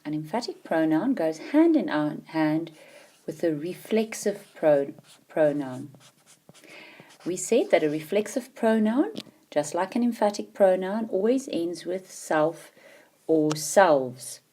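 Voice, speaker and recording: Mellow-voiced woman teaching grammar. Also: fairly low pitch, animated, slow. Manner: clear, patient explaining with emphatic stresses. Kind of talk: grammar lesson.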